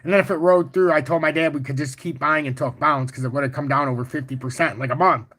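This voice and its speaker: Male livestream host, slightly high voice, brash and boastful, casual and profane. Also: fast. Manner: boastful and confident; profane, animated storytelling. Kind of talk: casual livestream chart talk, answering chat.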